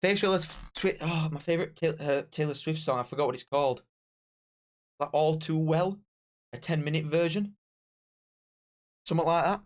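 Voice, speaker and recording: A young man chatting casually on a live stream as host, excitable and bantering straight to his viewers. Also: fairly high pitch, moderate pace, pauses often. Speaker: streamer hosting a live watch-along.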